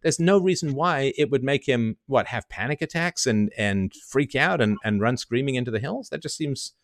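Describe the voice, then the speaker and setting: A man's voice: medium pitch, expressive, moderate pace, dry recording, studio quality. A man hosting a call-in advice show, talking bluntly and emphatically, swearing now and then, with a wry edge.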